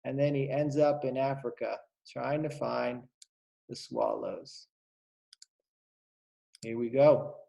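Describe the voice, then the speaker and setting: A man, a kindergarten teacher, reading a picture book aloud to young children and pausing to point out the pictures. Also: medium pitch, expressive, creaky, mellow.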